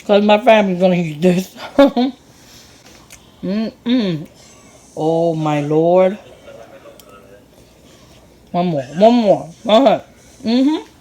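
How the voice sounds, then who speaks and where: A woman in her thirties from Puerto Rico hosting a casual cooking vlog, excitable and laughing often as she tastes food in her kitchen. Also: mid-range voice, slow, rough recording. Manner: excitable, laughs often, talks while tasting. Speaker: cooking channel host.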